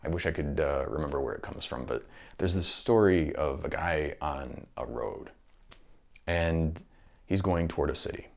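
A man's voice: extremely low pitch, moderate pace, vocal fry. A man talking through his thoughts in a casual monologue, rambling and restarting often.

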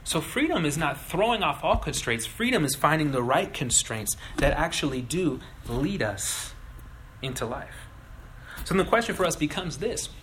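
A younger man preaching a sermon as pastor, animated and acting out little voices in his illustrations. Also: on the high side, normal speed, slight background noise, rough recording.

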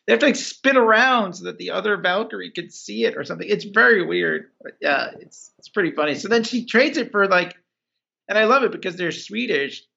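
Casual male podcaster, raspy edge and sharp bright tone, loose rambling delivery. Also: high voice, expressive, brisk, dull audio. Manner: rambling, many "like"s, acts out characters. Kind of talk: casual podcast recap chat.

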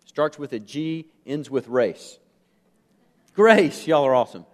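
A man's voice: medium pitch, moderate pace, darkish tone. A man from the United States preaching a sermon, earnest and emphatic, putting questions to the congregation, with fillers and restarts. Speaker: pastor.

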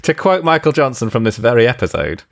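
A man hosting a podcast in casual chat, talking quickly, laughing and swearing easily. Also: mid-range voice, very animated, gravelly. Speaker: podcast host.

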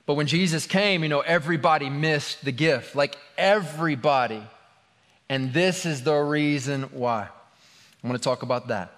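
A man's voice: a little high, normal speed, a bit bright. A married man preaching a sermon, talking casually and joking with the congregation before praying and reading scripture. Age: adult, married. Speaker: pastor. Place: large hall with an audience. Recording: long hall reverb.

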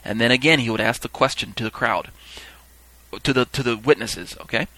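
A man gives a teaching sermon, reading passages aloud and stopping to explain them. His voice is bright and a little tense. The sound is dry and close, with no room around it. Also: medium pitch, fairly quick, dry recording, poor audio. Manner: explanatory, acts out quoted call-and-response with raised voice. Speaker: Bible teacher.

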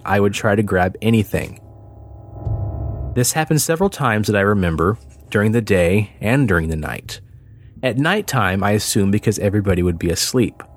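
A man co-hosting a paranormal podcast, reading a listener's story aloud and then joking and swearing casually with his co-host. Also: fairly low pitch. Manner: casual, swearing, laughs often.

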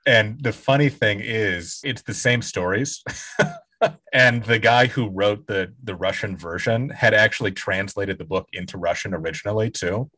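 A man's voice: fairly low pitch, normal speed, breathy edge. A man co-hosting a podcast in casual chat, steadily laying out facts and dates. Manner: steady, informative, lays out facts. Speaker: podcast co-host.

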